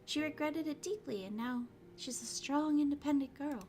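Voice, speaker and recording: Woman voicing gentle soft young girl. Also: high-pitched, moderate pace, soft background music, natural voice. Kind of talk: visual novel read-aloud.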